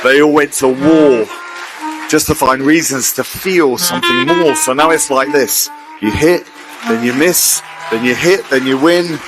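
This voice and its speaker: Blunt wry God read out by a man, matter-of-fact, spoken-word piece, music under, mid-pitched. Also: measured pace, lightly acted. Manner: matter-of-fact, swearing, teasing. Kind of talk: spoken-word poem recital. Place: large concert hall stage.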